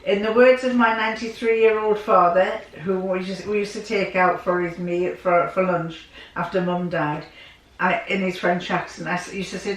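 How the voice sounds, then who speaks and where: A woman's voice: mid-range voice, fairly even intonation, normal speed, recorded from a distance. A woman in her sixties chatting casually to her viewers in a rambling way, often repeating herself. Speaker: sewing vlogger. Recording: echoey room, away from mic.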